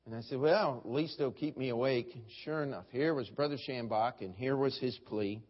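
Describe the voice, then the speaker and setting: A man's voice: medium pitch, a little fast, husky. A middle-aged man preaching a sermon as pastor, telling folksy stories and mimicking other preachers. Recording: dull lo-fi sermon recording.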